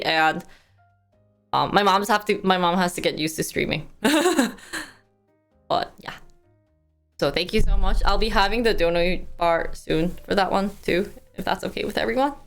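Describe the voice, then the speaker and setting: A woman with a mid-range voice live streams, chatting casually and reading news aloud. She thanks her donors and trips over difficult words.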